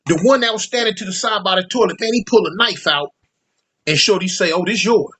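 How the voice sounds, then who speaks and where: Male storyteller, high-pitched, loose and slangy, acts out every quoted line. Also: fairly quick, pushed and bright, slight background noise. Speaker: storyteller recounting prison life. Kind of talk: casual storytelling monologue.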